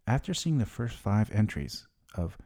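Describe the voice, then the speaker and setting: A man's voice: on the low side, very animated, moderate pace, mellow, no room sound. A middle-aged man hosting a podcast, telling his own story in wry, candid scripted narration into a close mic. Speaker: podcast host.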